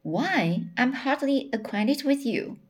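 A woman's voice: mid-range voice, sing-song, measured pace. A woman voicing a young woman in her late teens who answers politely, then firmly refuses. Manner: polite, turning indignant. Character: polite but indignant young woman student.

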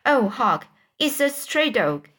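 A woman's voice: a little high, very animated, slow pace, a bit bright, pitched above the performer's own voice, full character voice. A woman voicing Tom, a frightened young boy who whispers urgently in a storybook reading.

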